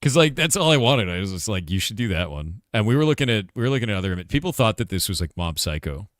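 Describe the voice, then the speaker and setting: Deep-voiced laid-back man chatting on stream. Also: very animated, fast, fairly bright tone, no room sound, clean studio sound. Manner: laid-back, laughs often, says "dude" a lot; reads chat questions aloud and answers them. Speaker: streamer and game developer. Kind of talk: casual live-stream chat.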